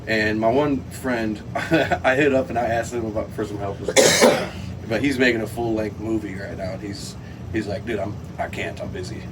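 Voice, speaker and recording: A man talking as a podcast guest, relaxed and rambling, with lots of fillers. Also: on the low side, measured pace, over a noisy crowd. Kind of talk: casual chat. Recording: distant mic with clear background noise.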